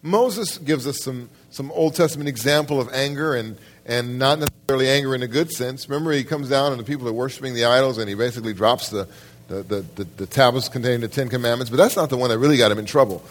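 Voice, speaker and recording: A male pastor preaching a Sunday sermon in a church, his pitch in an ordinary middle range. He speaks emphatically and often stumbles back over his words to restart a phrase. Between points he puts questions straight to the people in the pews. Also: quick pace. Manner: addresses the congregation directly with questions. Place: church service.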